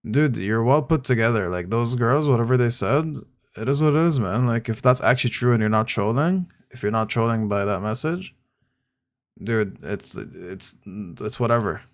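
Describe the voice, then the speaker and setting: A man's voice: mid-range voice, moderate pace. A young man chatting casually, blunt and slangy, reacting with disbelief. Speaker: streamer reacting to chat. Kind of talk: casual chat.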